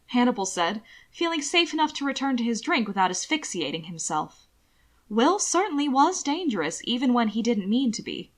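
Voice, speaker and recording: A woman narrating a fan fiction audiobook with expressive storytelling. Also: medium pitch, normal speed.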